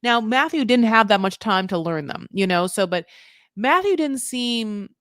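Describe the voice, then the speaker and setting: A young woman recapping a reality show in casual, animated commentary, swearing freely and acting out what the people said. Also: on the high side, moderate pace, no room sound, studio quality. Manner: chatty, animated, swears, acts out quoted voices.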